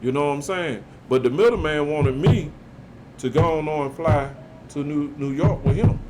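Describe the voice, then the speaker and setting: A man's voice: on the high side, moderate pace, heavy background noise. A man telling a story as a podcast guest, casual and profane, often acting out what others said. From Birmingham, Alabama. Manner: animated, profane, acts out quotes.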